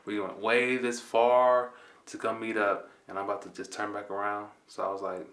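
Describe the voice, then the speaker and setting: A man's voice: on the low side, flat delivery, normal speed, a bit bright. A man in his twenties from Compton, California, telling a personal story in a laid-back, slangy way and acting out the dialogue. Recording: roomy, mic at a distance.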